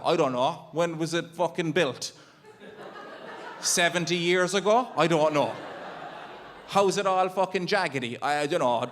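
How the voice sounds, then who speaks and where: A man's voice: a little high, fairly bright tone, slight background noise. An Irish man doing stand-up, telling an exasperated, swearing story on stage and acting out his own panic. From Ireland. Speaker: stand-up comedian. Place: comedy stage before a live audience.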